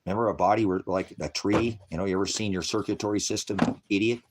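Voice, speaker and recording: A man in his sixties rambling through a live-stream monologue, cursing freely and swinging between low mutters and loud rants. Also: steady tone, fast talker, noisy background. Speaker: livestreamer.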